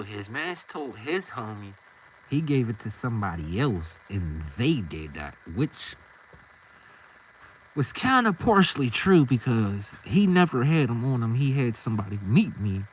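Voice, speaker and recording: A man's voice: medium pitch, unhurried, a little hiss or hum, poor audio. A young man telling a casual storytime monologue in slangy street talk, acting out every side of the conversation. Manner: animated, slangy, acts out both sides of conversations.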